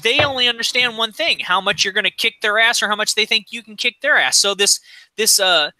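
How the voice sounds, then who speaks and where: A man with a high-pitched voice, talking bluntly and with plenty of swearing as co-host of a casual podcast. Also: fairly quick, pushed and bright, a little hiss or hum, poor audio. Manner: profane, blunt, acts out quoted exchanges. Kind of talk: casual chat.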